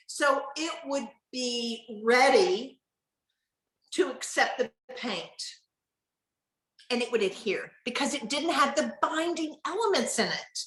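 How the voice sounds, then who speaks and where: A middle-aged woman with a drawl leads a casual online mentoring session on furniture finishing, her voice high and sharply bright. She tells stories in an animated way, acting out what people said. The sound carries a roomy echo. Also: slow pace.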